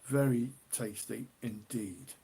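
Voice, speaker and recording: Gravelly, husky British man chatting. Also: mid-range voice, takes it slowly, dark tone. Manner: chatty, rambling, repeats himself. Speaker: beer livestream host. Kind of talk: casual live-stream chat.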